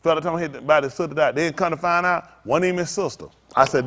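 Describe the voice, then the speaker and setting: A middle-aged man preaching as a pastor, telling stories and swinging from low mutters to loud outbursts while acting out what others said. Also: fast, few pauses. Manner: quotes others in acted voices, repeats phrases. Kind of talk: preaching in a storytelling way.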